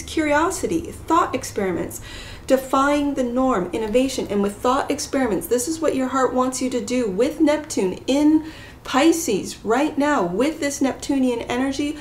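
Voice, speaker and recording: A gentle, soft-spoken woman giving a pick-a-card tarot reading to her viewers, sometimes dropping to a whisper. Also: sits high, moderate pace, a little hiss or hum. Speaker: tarot reader.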